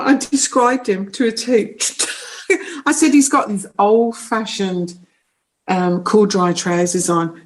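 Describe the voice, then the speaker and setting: A middle-aged woman, a psychic medium telling funny stories in an interview, often breaking into laughter. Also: medium pitch. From New Zealand. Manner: animated, laughing anecdotes. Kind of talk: casual storytelling interview.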